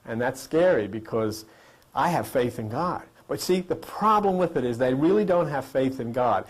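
A man hosting a talk show, talking casually to a studio audience and telling animated stories with laughing asides. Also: medium pitch, moderate pace, breathy edge. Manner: animated storyteller, acts out voices with laughing asides. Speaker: host.

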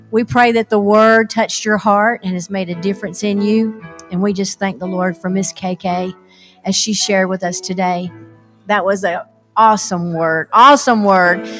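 A woman hosting the close of a church service, thanking the preacher and viewers with slow words of praise. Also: mid-range voice. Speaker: church host closing the service. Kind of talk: closing remarks of a service.

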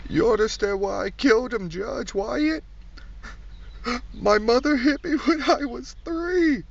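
A man voicing a whining adult male defendant pleading for sympathy, high and drawn out. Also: slow pace, vocal fry, full character voice. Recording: distant dull recording.

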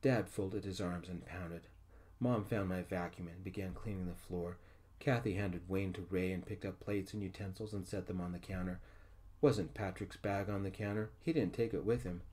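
A man reading a short story aloud in a soft-spoken style, voicing every character himself. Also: deep voice, fairly even intonation, moderate pace, breathy edge. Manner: reads all characters in one soft voice.

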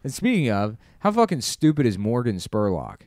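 A man co-hosting a comedy podcast, arguing in deadpan tones with his co-hosts. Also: medium pitch, dry recording, clean studio sound. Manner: deadpan, argumentative, quick impressions. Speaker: podcast co-host. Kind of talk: casual comedic banter.

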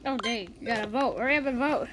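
A woman giving casual gameplay commentary, chatting and reacting out loud to each round as the channel's host. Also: a little high, fast talker. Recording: noisy home recording.

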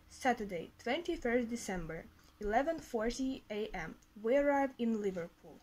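Higher-voiced woman reading a story. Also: low-quality recording. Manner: brisk reading with fillers. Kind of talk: reading a graded reader aloud.

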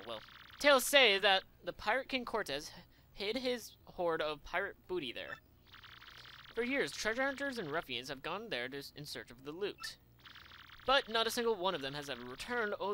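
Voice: medium pitch, pushed and bright, a little hiss or hum, pitched above the performer's own voice. A gamer voicing a vain, dramatic rich merchant man in a put-on Spanish accent, reading game dialogue in a pompous, theatrical manner.

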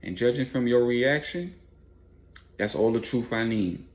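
A man's voice: mid-range voice, lively intonation, measured pace, lightly acted. A man doing a cold young man out for revenge. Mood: menacing. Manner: blunt, profane street talk.

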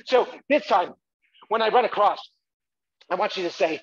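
A man's voice: high-pitched, normal speed, breathy edge. A man performing a playful comic autobiographical monologue on a theatre stage, coaxing the audience to join in, in a dull lo-fi live recording. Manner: animated, playful, bursts into loud shouts.

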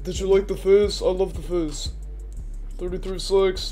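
A woman's voice: lowish voice, steady tone, unhurried, warm tone, faint music behind. A woman hosting a casual gaming livestream, stuffed up from a cold, talking in slangy, joking rambles. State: congested from a cold. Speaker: livestream host.

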